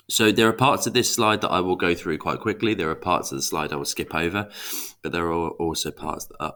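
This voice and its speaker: Young man, low voice, sniffly from a cold, chatty psychology lecture over slides. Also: fairly bright tone. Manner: chatty, emphatic rhetorical questions. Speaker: psychology teacher.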